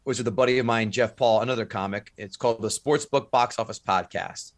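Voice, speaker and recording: A man's voice: lowish voice, steady tone, fairly quick, no room sound. A man who is a stand-up comic, telling stories animatedly in a casual podcast chat, swearing and acting out quotes.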